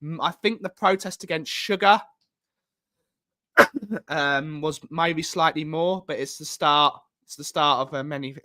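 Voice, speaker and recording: A man's voice: on the high side, a little slow, pushed and bright. A man from England hosting a casual livestream, greeting chat viewers in a rambling, repetitive way. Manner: chatty, rambling, repeats phrases. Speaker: livestream host. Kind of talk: casual live chat reading viewer comments. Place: home.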